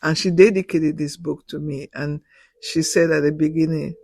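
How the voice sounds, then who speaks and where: A woman's voice: sits low, fairly even intonation, moderate pace, vocal fry, darkish tone, dry recording. A woman in her sixties, a professor interviewed as a guest, telling personal stories with heartfelt emotion, close to tears and stumbling over repeated words. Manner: heartfelt, restarts and repeats words when moved. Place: indoor radio studio.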